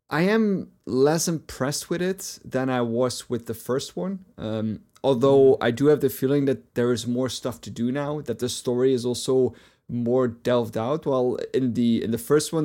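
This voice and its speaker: A man's voice: mid-range voice, mellow. A man co-hosting a podcast, talking through a game at length in a rambling, hedging way with many fillers. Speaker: podcast co-host. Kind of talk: casual podcast chat.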